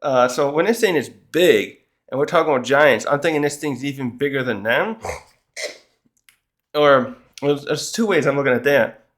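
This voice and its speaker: In a casual solo review of a comic chapter, a manga review host with a middle-pitched voice rambles and cuts himself off mid-sentence. He is animated and slips into quick acted bits of the characters' lines.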